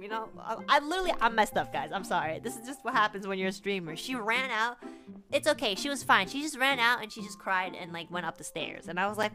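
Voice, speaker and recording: A young woman streamer telling a story in casual chat, lively and full of "like" fillers. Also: medium pitch, a little fast. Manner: animated, with many "like" fillers and laughs. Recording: background music.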